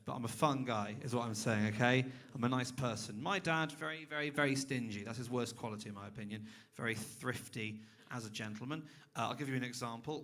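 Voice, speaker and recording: A young man doing a stand-up comedy set on a club stage, sarcastic and deadpan, bursting into loud rants at a man in the crowd. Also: medium pitch. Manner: sarcastic, deadpan then suddenly loud and ranting at an audience member.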